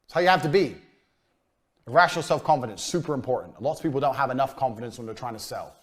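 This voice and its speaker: A man giving a recorded business lesson, blunt and emphatic, swearing freely, his voice often trailing off quieter at the ends of lines. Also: medium pitch, animated, fast talker. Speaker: business coach.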